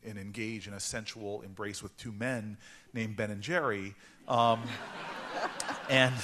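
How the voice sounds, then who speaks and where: Man in his 40s spinning a story at a book talk, lowish voice, gets really animated. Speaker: author speaking at a book event. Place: event hall before a live audience.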